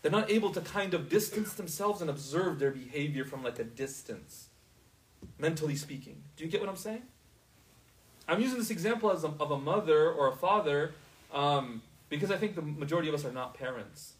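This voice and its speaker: A man's voice: fairly high pitch, animated, brisk, recorded from a distance, rough recording. A man teaching a class in a casual, conversational way, often checking whether his students understand.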